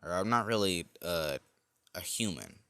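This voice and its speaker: A man's voice: sits low, animated, a little slow, bright, forceful tone, no echo, full character voice. A man voicing a male alien symbiote creature who mentors a boy, in a casual, offhand fan-story voice. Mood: calm, explaining.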